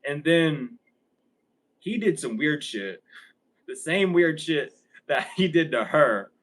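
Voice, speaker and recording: A young man talks straight to camera in a loose, rambling monologue, cursing freely and breaking into laughter. His voice sits a touch high for a man. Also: very animated, slow pace, fairly bright tone, low-quality recording. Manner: profane, rambling, laughs often. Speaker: vlogger. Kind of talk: casual storytelling monologue.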